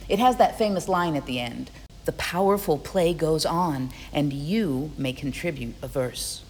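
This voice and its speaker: A woman teacher narrating a scripted poetry lesson, explaining clearly in a friendly way. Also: low-pitched, unhurried, darkish tone, in a large hall. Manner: clear, friendly explaining, reads rhythm examples aloud.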